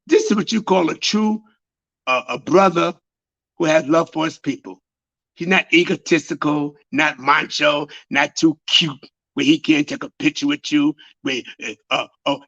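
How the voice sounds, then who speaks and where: A man preaching as a high priest, repeating phrases and building to shouts, on a dull lo-fi recording. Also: gravelly. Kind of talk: sermon.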